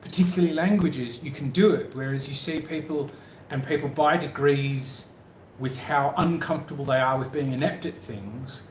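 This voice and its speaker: A man's voice: medium pitch, moderate pace. A man co-hosting a live travel chat, joking and self-mocking, wandering off into rambling asides. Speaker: co-host of a travel livestream. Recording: echoey room with faint background noise.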